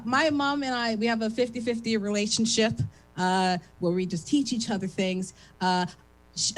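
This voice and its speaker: A young woman from East Oakland doing a stand-up set, with an even, radio-like speaking voice and lots of "uh" fillers. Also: mid-range voice, poor audio. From East Oakland, California. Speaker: stand-up comic.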